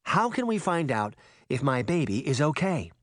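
A man voicing a calm, careful young mother who speaks reassuringly to her daughters, in a storybook reading. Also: fairly high pitch, moderate pace, dry recording, studio quality. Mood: serious.

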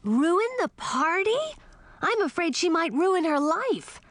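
A woman doing a high, urgent young princess. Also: big pitch swings, slow pace, fairly bright tone, no echo, full character voice. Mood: alarmed. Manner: high, breathless pleading. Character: distressed teenage princess, earnest and urgent.

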